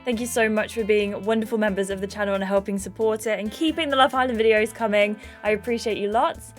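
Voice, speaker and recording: A young woman giving casual gaming commentary as a YouTuber, reading the game's text aloud and reacting in a chatty, expressive way. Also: mid-range voice, quick pace, soft background music.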